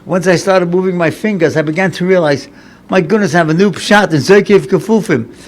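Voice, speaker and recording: An older man in his seventies gives an inspirational sermon as a rabbi. His voice sits a little high for a man. He talks earnestly and conversationally and circles back to repeat key phrases. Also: brisk. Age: 70s. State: recovering from paralysis, slightly impaired speech. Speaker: rabbi and lecturer.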